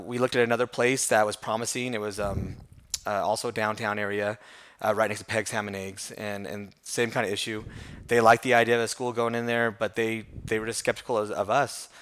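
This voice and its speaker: A man in his thirties recounts how he built his business, talking quickly and with animation. He pokes fun at his younger self and laughs as he goes. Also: fairly low pitch. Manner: fast, animated storytelling with self-deprecating laughs. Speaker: hair school franchise owner. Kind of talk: interview storytelling.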